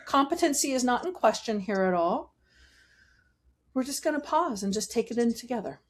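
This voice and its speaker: A woman with a slightly higher voice speaks as a vocal coach in an interview. She explains voice technique in an animated way and demonstrates it as she goes. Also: moderate pace.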